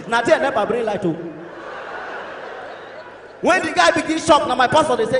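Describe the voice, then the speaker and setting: Give me a Nigerian man doing stand-up on a stage mic, telling animated stories with a very high, bright voice. His voice is sharp, and it echoes around a big hall with a long reverb tail. A faint room hum sits underneath. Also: fairly quick, pauses often. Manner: animated storytelling, acts out voices, bursts of shouting. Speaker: stand-up comedian. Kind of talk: stand-up comedy in Pidgin and English. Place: comedy stage in a large hall. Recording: echoey hall, live show.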